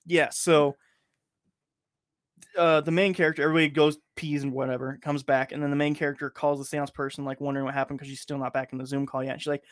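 A man's voice: on the high side, level tone, quick pace, no echo, clean studio sound. Rambling, profane male podcast host. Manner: rambling, profane, lots of filler words. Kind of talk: casual chat.

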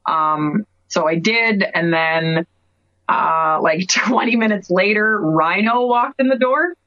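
A woman's voice: mid-range voice, slow pace, no room sound. Cape breton woman in her 30s gabbing thru a story, lots of likes and giggles, dry dull podcast sound. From Canada, Cape Breton. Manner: chatty storyteller, many "like"s, laughs often. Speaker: guest wrestler. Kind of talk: casual interview chat.

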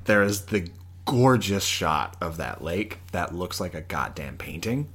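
A man co-hosting a casual podcast who tells stories excitedly and laughs often. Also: sits low, a little slow, a little hiss or hum. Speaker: podcast co-host. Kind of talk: casual chat.

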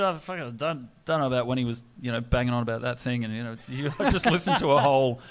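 A man who is a musician chats about life on the road in a relaxed, amused manner, swearing casually. His voice sits at an ordinary middle pitch. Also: quick pace, few pauses. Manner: laid-back, swearing, amused. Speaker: musician guest. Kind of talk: casual chat.

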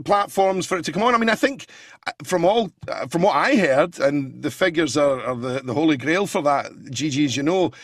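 A man's voice: sits high, no room sound, clean studio sound. A Scottish man who is an impressionist, chatting casually in an interview and telling anecdotes. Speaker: impressionist guest.

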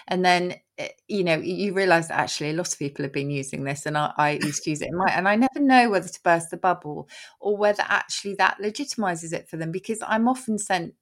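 A woman's voice: on the low side, expressive, quick pace. A middle-aged woman being interviewed as a word expert, explaining with enthusiasm and rambling restarts. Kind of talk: conversational interview.

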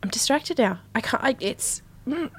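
Joking, swearing woman podcaster, animated pitch. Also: moderate pace, slightly rough. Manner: joking, swears a lot, deadpan asides. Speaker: podcast co-host and editor. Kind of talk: casual chat.

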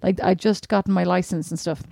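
A woman's voice: on the low side, fairly even intonation, a little fast, creaky, mellow, no room sound. A woman co-hosting a podcast with her younger sister, blunt and teasing, swearing freely. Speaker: podcast co-host, older sister. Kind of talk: casual sisters' chat.

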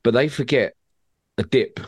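A man's voice: medium pitch, moderate pace, slightly rough, no echo, clean studio sound. A man co-hosting a football podcast, telling rambling stories in casual chat. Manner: rambling storyteller, laughs at own tales. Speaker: podcast co-host.

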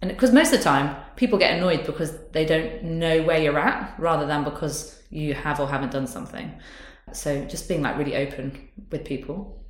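Low-voiced woman in her 30s, chatty and open, echoey room. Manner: chatty, candid, quick to laugh. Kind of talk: casual chat. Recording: roomy echo.

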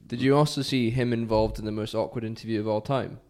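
A man co-hosting a podcast in casual chat, an animated storyteller who laughs as he tells a story. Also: on the low side, fast. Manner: animated storyteller, laughs while telling anecdotes. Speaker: podcast co-host.

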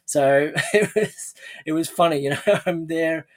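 A man's voice: fairly high pitch, measured pace. A man hosting an interview podcast, chatting casually and rambling with restarts and laughs. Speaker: podcast host.

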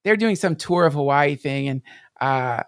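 Guy with a gravelly voice rambling through a personal story, lots of likes and restarts, dry close sound. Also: fairly high pitch, expressive, normal speed, no echo. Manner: rambling with many restarts and fillers, swears. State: near tears at times. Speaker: podcast guest.

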